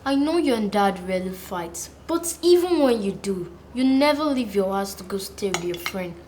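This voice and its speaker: A woman's voice: mid-range voice, lively intonation, moderate pace, a little mellow, slight background noise, lightly acted. An actress playing a nosy, outspoken daughter who keeps questioning her parents, in a Nigerian film drama. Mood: cheeky. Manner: questioning, cheeky.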